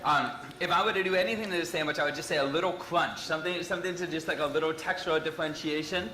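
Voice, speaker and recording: A man's voice: a little high, very fast, roomy sound, noisy background. A man judging food at a contest, enthusiastic and using food-critic phrasing. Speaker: food judge.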